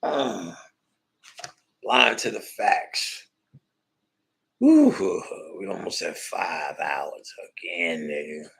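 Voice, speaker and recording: A man's voice: deep voice, animated, slow, creaky, pushed and bright, husky, low-quality recording. A man hosting a loose, profane livestream, rambling and laughing with heavy slang. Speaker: livestream host.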